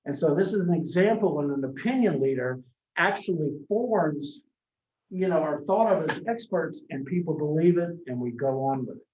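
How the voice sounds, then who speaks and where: A man's voice: fairly high pitch, animated, normal speed, a little mellow. A man teaching a college marketing class, talking conversationally with anecdotes and frequent restarts. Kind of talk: classroom lecture. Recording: echoey classroom from a distant mic, dull sound.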